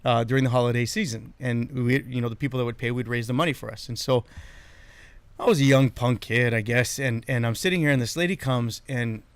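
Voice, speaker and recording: A man's voice: mid-range voice, fairly quick, clean tone, no echo. A man co-hosting a casual podcast, telling loose stories and laughing often. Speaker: podcast co-host. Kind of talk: casual chat.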